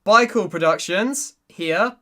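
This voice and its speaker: A young man hosts a relaxed livestream Q&A, reading chat messages aloud. His voice sits a little high and sounds bright and forward. He giggles often and rambles, restarting his sentences as he goes. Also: takes it slowly. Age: young adult. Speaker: YouTuber and voice actor hosting a Q&A.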